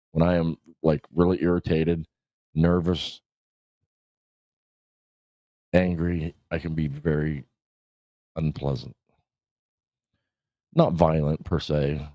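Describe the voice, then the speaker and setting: Deep and darkish in tone, this middle-aged man's voice comes through a dry recording of dull lo-fi stream audio. As a podcast host on a casual livestream, he rambles along, cursing and laughing frequently.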